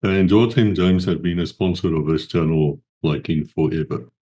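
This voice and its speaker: Low, mellow-voiced man chatting. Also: normal speed. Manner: rambling, relaxed, with hesitant fillers. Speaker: channel host. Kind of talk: casual chat to camera. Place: at home with a pet cat.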